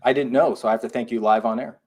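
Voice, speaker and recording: A man's voice: mid-range voice, steady tone, quick pace. A man co-hosting a live podcast, reading listener comments aloud and reacting to them. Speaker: podcast co-host. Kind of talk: casual live podcast chat.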